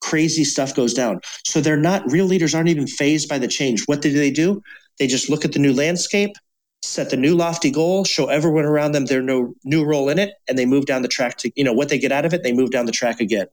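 A man's voice: on the high side, a little fast. A man who is a leadership speaker, telling stories as a podcast guest in an emphatic way and acting out dialogue.

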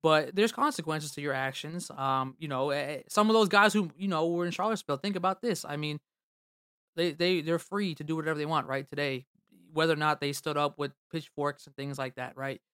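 A man's voice: on the high side, a little fast, a bit bright, smooth, dry recording, studio quality. A man hosting a casual sports talk show, loose and rambling with many fillers. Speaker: sports podcast host.

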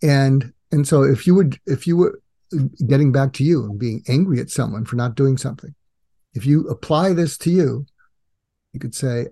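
A man's voice: mid-range voice, normal speed. An older man, a guest psychiatrist, explaining in an interview and acting out quoted dialogue. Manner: animated, acts out quoted dialogue.

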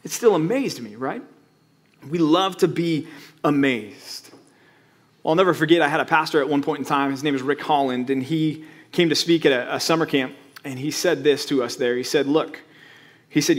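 A man's voice: medium pitch, fairly quick. A man preaching a sermon as pastor, conversational, asking rhetorical questions and acting out quotes.

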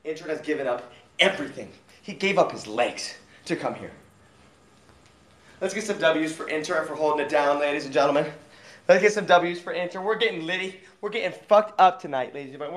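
A young man livestreaming who hypes up his chat with loud, profane shouting. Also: a little high, lively intonation, normal speed, long pauses. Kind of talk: hyped livestream hype-up. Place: outdoors at night in a warm, mosquito-filled spot. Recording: echoey live stream audio.

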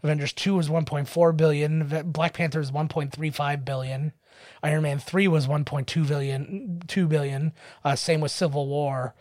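Chatty man, slightly high voice, dry sound. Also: steady tone, moderate pace, a little mellow, dry recording. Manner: chatty storyteller, reads out figures and texts. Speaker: podcast co-host. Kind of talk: casual movie commentary chat.

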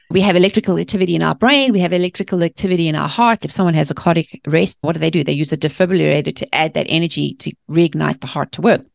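A woman's voice: lowish voice, vocal fry, dry recording, studio quality. A woman guest author talking passionately on faith and the mind, ranting at times and acting out voices of the people she quotes. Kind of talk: animated faith-based interview talk.

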